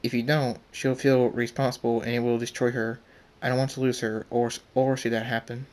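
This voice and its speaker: A man's voice: mid-range voice, level tone, a little fast, a little mellow, natural voice. A man voicing an anxious pony who stammers when upset. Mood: worried. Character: anxious pony who fears losing a friend.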